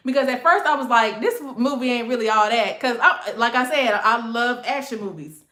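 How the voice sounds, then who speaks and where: A woman's voice: a little high, normal speed, pushed and bright. A woman, chatting casually and rambling to her livestream viewers, calling them y'all and honey. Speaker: livestream host. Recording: echoey room.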